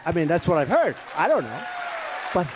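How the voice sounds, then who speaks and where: A man's voice: a little high, big pitch swings, moderate pace, background noise. Rambling boastful man in an echoing hall. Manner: rambling, boastful, repeats himself. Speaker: candidate speaking at a campaign event. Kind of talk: off-the-cuff campaign speech. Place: large hall with a crowd. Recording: long hall reverb.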